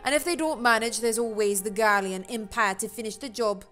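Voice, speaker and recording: Woman voicing a gruff old-salt innkeeper from a game, wandering brogue, faint music behind. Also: on the high side, fairly quick, a bit bright, lightly acted. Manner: wobbly put-on pirate-style brogue. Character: gruff male seafaring innkeeper. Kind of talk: reading game dialogue aloud.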